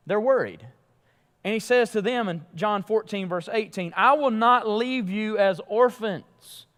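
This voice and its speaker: A man preaching a sermon with a somewhat high voice, pressing points hard and then dropping low. His voice carries a long reverb from a church sanctuary. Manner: emphatic preaching, rising and falling in loudness. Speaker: pastor.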